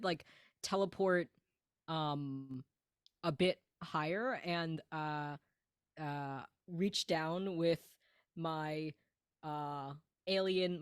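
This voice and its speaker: Laid-back woman playing a tabletop game, slow, laughs a lot, dry close sound. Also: on the low side, smooth, dry recording. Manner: giggly, rambling, lots of filler. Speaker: player. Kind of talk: casual tabletop game chat.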